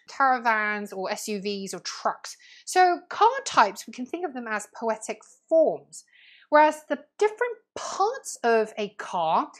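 A young adult woman explaining a lesson to students, clear and patient, step by step. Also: fairly high pitch. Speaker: teacher.

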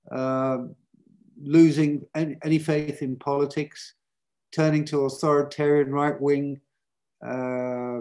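A man's voice: medium pitch, a little mellow. A man, a film director on a panel, answering a question thoughtfully with many hesitations and restarts.

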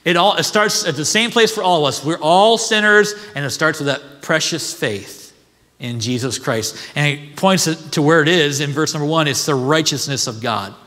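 Man, preacher, conversational sermon, bright tone, long hall reverb. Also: on the high side, moderate pace. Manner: conversational preaching with scripture readings and asides. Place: church sanctuary.

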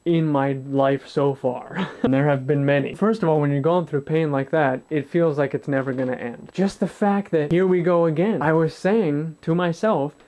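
A man's voice: on the high side, moderate pace, hardly any pauses, a little mellow. A man in his twenties telling a personal story to camera in a blunt, profane way, acting out what others said. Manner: blunt and profane, swears freely, acts out dialogue. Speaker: vlogger.

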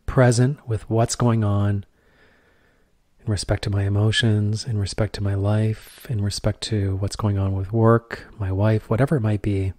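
A man's voice: lowish voice, warm tone, dry recording, clean studio sound. A middle-aged man hosting a podcast, talking earnestly in a reflective monologue with repeated phrases and rhetorical questions. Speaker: podcast host.

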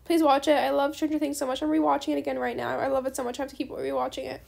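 A young woman chatting bubbly and fast while playing a game, often saying bestie. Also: high voice, little pitch movement, gravelly, a little mellow. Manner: bubbly, fast-talking, says bestie a lot. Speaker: gaming YouTuber. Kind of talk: casual gameplay commentary.

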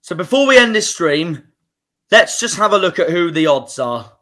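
A man's voice: high voice, very animated, moderate pace, fairly bright tone. A young man with a Cornish accent, angry and swearing as he hosts a football fan livestream reaction. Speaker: football fan channel host.

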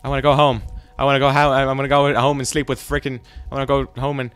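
A young man giving jumpy, frightened let's play commentary, often breaking into loud exclamations. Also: medium pitch, flat delivery, fast, clean tone, soft background music. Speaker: gaming YouTuber.

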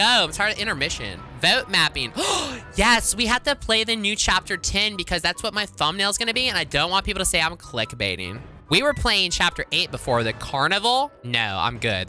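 A woman talks through her gameplay in casual commentary, teasing and sassy. Her voice is very bright and sharp. Her pitch swings widely, and she breaks into sudden excited shrieks. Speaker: gaming video host.

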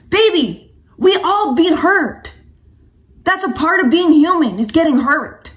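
A woman's voice: very high voice, animated, unhurried. A woman coach and vlogger giving an impassioned, preachy monologue to camera, casual and slangy, calling viewers sweetheart and honey.

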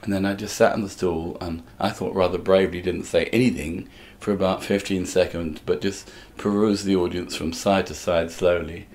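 A man's voice: low-pitched, steady tone, normal speed, hardly any pauses, darkish tone. An older man from England, a musical comedian, telling wry stories in a casual interview and acting out other people's voices.

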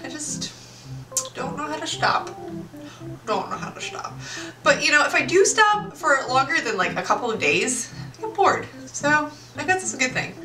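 Bubbly chatty young woman, roomy echo. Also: fairly high pitch. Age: 20s. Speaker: YouTuber. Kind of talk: casual chat to camera. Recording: roomy echo, far from the mic, music behind. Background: music.

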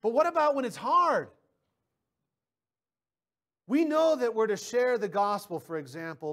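A man's voice: very high voice, animated, measured pace, pauses often, a bit bright. A man preaching a sermon as pastor, talking conversationally with personal stories and often repeating words as he starts a sentence.

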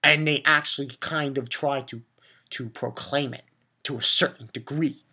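A man's voice: medium pitch, moderate pace, husky. A man giving a casual spoken episode review, rambling and swearing as he rants in exasperation. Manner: animated, profane, exasperated ranting; rambling with restarts and filler. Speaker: anime reviewer.

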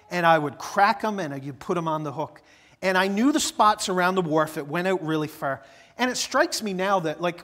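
A man's voice: fairly high pitch, fairly bright tone, in a large hall. A middle-aged man, a pastor telling a childhood story in a conversational sermon full of fillers and restarts. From Newfoundland, Canada.

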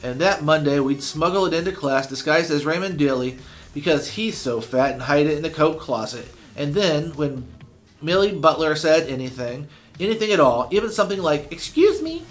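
A man's voice: fairly high pitch, normal speed, soft background music. Man reading a chapter book aloud.

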